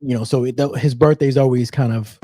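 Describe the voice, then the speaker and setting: Easygoing Jersey host reading comments. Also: male voice, mid-range voice, fairly even intonation, fairly quick, mellow, breathy edge, no room sound, studio quality. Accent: New Jersey. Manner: reads viewer comments aloud, easygoing. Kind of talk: casual livestream chat.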